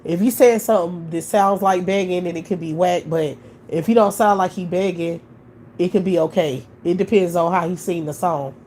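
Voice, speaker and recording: Blunt, profane woman with a low voice. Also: normal speed, a little mellow, a little hiss or hum. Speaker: live-stream host. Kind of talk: casual live-stream chat.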